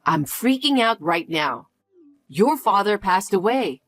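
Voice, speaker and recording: A woman's voice: medium pitch, big pitch swings, slow pace, a bit bright, full character voice. A woman voicing an anxious middle-aged mother who is evasive and accusing, in a dramatized story reading. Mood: flustered. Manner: flustered, evasive, guilt-tripping.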